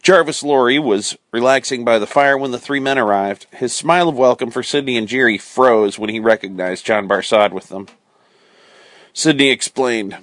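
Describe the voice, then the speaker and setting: Calm man reading a bedtime story. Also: medium pitch, normal speed, dry recording. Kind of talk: storybook read-aloud.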